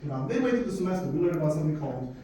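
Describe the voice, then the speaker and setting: A man of Dominican heritage doing a stand-up set, telling an animated, profane story and working the crowd. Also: on the high side, racing, slight background noise. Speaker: stand-up comedian. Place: comedy club stage. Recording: echoey club from a distance.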